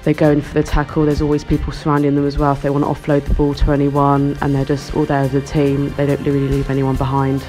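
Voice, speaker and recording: A woman's voice: rumbling low, completely flat delivery, quick pace, hardly any pauses, warm tone, soft background music. A woman who captains a rugby team, answering an interview plainly and evenly.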